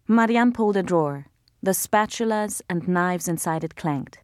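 A woman reading an audiobook in a measured, even storytelling manner on a close studio mic. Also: lowish voice, dry recording. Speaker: audiobook narrator. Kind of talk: scripted narration.

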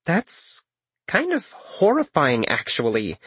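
A man's voice: a little high, wildly swooping pitch, slow pace, a bit bright, breathy edge, no room sound, pitched above the performer's own voice, heavily acted. A man voicing a blunt, exasperated young woman student in an audiobook. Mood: wary.

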